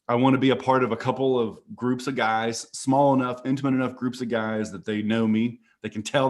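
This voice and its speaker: Earnest man on a video call. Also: medium pitch. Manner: earnest, repeats words as he thinks. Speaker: guest. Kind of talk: casual panel talk.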